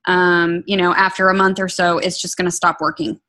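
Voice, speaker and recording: A woman giving an emotional, earnest personal testimony, talking in a lively storytelling way. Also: lowish voice, brisk. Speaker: product testimonial speaker.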